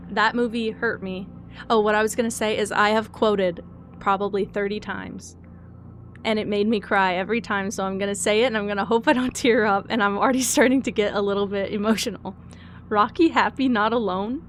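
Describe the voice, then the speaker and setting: A young adult woman streaming, chatting casually and gushing excitedly, swinging between loud squeals and soft teary asides. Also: fairly high pitch, a little hiss or hum. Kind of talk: casual live-stream chat.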